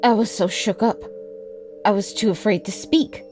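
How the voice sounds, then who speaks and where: A woman narrating a first-person horror story in a measured, deliberate way. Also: mid-range voice, a little mellow, soft background music.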